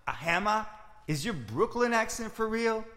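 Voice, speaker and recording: A man's voice: medium pitch, a little fast, long reverb tail, natural voice. An actor playing a haughty man who guards a burial business, speaking with a Scandinavian accent in an improvised comedy drama. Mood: pompous. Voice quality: haughty, indignant, formal phrasing. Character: pompous Scandinavian male security guard running burials.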